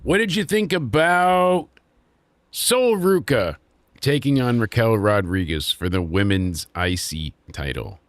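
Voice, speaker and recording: A man's voice: mid-range voice, lively intonation, takes it slowly, no room sound. A young man hosting a casual wrestling review podcast, recapping with crude sarcasm and acting out quotes.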